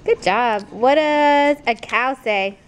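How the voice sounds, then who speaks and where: Young woman, family vlogger, playful sing-song talk to her child, somewhat high voice. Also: slow. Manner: chatty, playful baby talk with her toddler. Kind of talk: casual family vlog.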